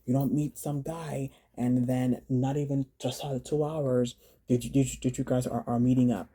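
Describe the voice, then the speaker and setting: A woman telling her own story in a vlog, halting and earnest, often repeating words and phrases. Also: rumbling low, flat delivery, mellow, slightly rough. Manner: earnest, urging viewers to slow down.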